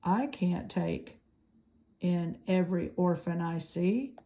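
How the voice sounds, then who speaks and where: A woman voicing an old gray female goose in a storybook read-aloud, speaking in a brisk, scolding, matter-of-fact way. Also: fairly low pitch, vocal fry, dark tone.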